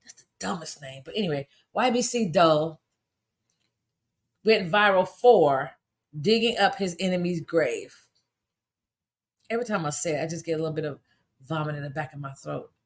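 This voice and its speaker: A middle-aged woman, ranting in a loose, casual commentary. She talks bluntly and indignantly, lecturing like a no-nonsense parent, and her voice shoots up high in exasperated bursts. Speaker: commentary vlogger.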